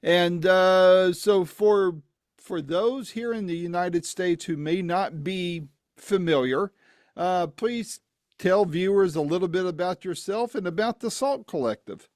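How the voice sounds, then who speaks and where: Folksy male podcast host, higher-pitched voice, dry and close. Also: unhurried, a little mellow, no room sound. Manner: friendly, folksy, with promo asides. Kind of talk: podcast intro and interview. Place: East Tennessee, home setup.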